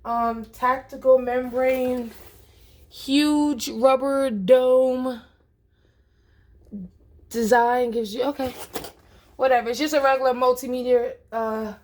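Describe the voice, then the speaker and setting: High-voiced chatty woman vlogger. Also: flat delivery, moderate pace. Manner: chatty, addresses viewers as y'all and guys. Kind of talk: casual unboxing vlog.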